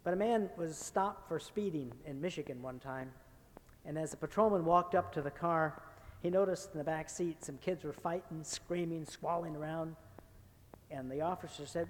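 A man's voice: a little high, moderate pace, slight background noise. A man preaching a sermon as a guest speaker, folksy and anecdotal, joking with the congregation before moving into Scripture. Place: church sanctuary. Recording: long church reverb.

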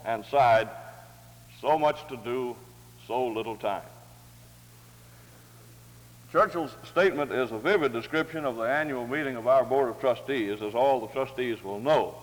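A man reading scripture aloud and introducing a speaker, with a measured, formal, dignified delivery. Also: mid-range voice. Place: large hall or chapel. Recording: long hall reverb.

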